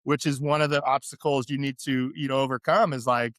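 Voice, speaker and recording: A middle-aged man from California, a podcast guest and former pro athlete, telling candid stories in an animated, chatty way. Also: medium pitch, brisk, dry recording, studio quality. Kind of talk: interview storytelling.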